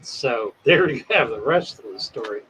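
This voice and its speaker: A man hosting a livestream who tells a long story in a drawn-out, dramatic way. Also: mid-range voice, animated, pushed and bright, a little hiss or hum, poor audio. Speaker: pet shop owner and livestream host.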